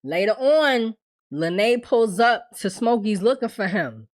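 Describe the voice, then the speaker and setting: A woman's voice: on the high side, very animated, slow. A woman giving a casual, slangy recap of a TV episode, telling it like a story and acting out the quotes. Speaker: TV show reviewer.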